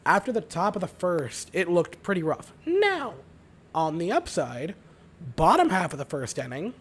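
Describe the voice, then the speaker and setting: A hoarse young man with a raspy, sore-throated voice, recapping a baseball game in a calm, casual way. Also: sits high, moderate pace. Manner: aims for calm, mellow delivery. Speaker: fan recapping baseball games.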